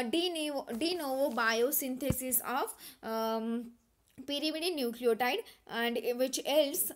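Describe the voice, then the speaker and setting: A young woman with an Indian accent lectures with a high, light voice. She slips between English, Marathi and Hindi, fills pauses with "uh" and keeps checking in with her listeners. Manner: mixes English with Marathi and Hindi, frequent fillers and "okay?" check-ins. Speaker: teacher.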